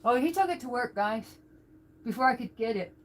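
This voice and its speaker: A woman's voice: on the high side, lively intonation, a little fast, slight background noise, rough recording. A woman hosting a casual cooking livestream from her home kitchen, chatty and thinking aloud as she talks to viewers. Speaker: livestream host.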